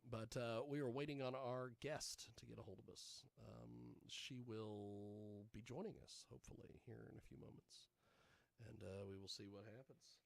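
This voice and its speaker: A man's voice: mid-range voice, fairly even intonation, moderate pace, vocal fry. A man hosting a live radio-style show, rambling casually and tossing jokey asides to himself.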